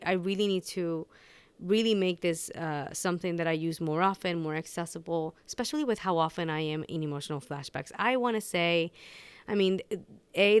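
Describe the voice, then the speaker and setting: A woman's voice: lowish voice, clean tone, no room sound. A woman hosting a personal podcast, talking unscripted and candidly, rambling with many restarts. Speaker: podcast host.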